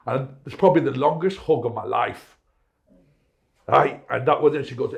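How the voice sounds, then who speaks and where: A man's voice: mid-range voice, normal speed, vocal fry, lo-fi sound. A middle-aged man talking through family losses in a casual interview, heartfelt, repeating himself and dropping local slang. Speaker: interviewee, shop owner. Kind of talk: emotional casual conversation.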